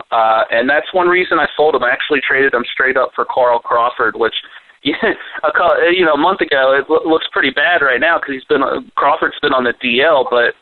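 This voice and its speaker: A man from the United States calling into a sports podcast as a guest, halting with fillers and dry quips. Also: medium pitch, no echo. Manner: hesitant, lots of uh fillers, dry wit. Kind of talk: casual podcast chat. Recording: tinny phone line.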